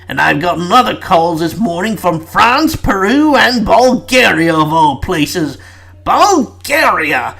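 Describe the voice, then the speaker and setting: A bullying, irate British prime minister in middle age, scolding and blustering, as a reader puts him on. His pitch rises and falls with lively swings. He talks down at the listener. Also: vocal fry, heavily acted. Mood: indignant.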